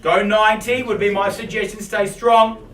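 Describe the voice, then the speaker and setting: A man calling bids in a live auction, with quick, playful patter for the bidders. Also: high-pitched, level tone, fairly bright tone. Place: auction room. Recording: echoey room from far off.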